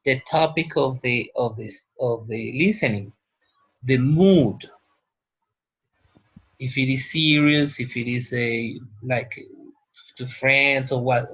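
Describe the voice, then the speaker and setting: A man's voice: mid-range voice, fairly bright tone. A male teacher whose first language is Spanish, lecturing a class in a classroom and often checking in with "right?". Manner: unhurried, pauses, checks with "right?". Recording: dull lo-fi classroom recording.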